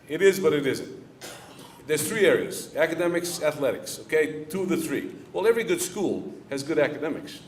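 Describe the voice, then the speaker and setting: A middle-aged man, a head football coach, answering audience questions at a club luncheon in a plainspoken way and repeating key lines for emphasis. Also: fairly high pitch. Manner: plainspoken, coaching-talk rhythm. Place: event hall before a live audience.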